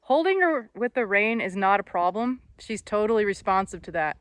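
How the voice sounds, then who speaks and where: A woman's voice: mid-range voice, lively intonation, moderate pace, a bit bright, clean tone, no room sound. A woman horse trainer talking casually through her vlog outdoors on a country ranch, chatty and encouraging, thinking aloud as she goes.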